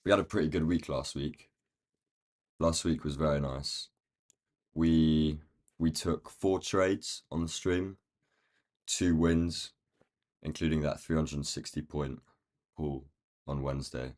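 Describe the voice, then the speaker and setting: A man with a croaky, rough-sounding voice, thinking aloud in casual commentary as he marks up trading charts on a live stream. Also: very deep voice, steady tone, takes it slowly, long pauses, a little mellow. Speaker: day trading livestream host.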